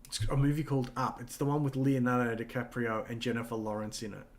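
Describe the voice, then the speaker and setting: A middle-aged man talking loosely in a casual podcast chat. He rambles, circles back, fills gaps with "you know" and swears freely. His pitch sits in a plain middle range. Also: fairly even intonation, quick pace. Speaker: podcast co-host.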